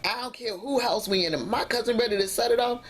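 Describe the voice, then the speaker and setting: Animated woman telling a story. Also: on the high side, fast, husky. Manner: animated, emphatic retelling with acted-out quotes. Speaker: vlogger. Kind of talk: casual storytelling vlog.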